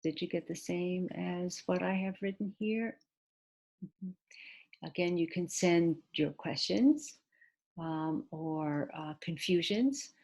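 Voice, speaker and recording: A woman teaching English in a recorded video lesson, patiently explaining step by step, spelling out letters, with hesitant pauses and restarts. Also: fairly low pitch, a little mellow. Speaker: ESL teacher.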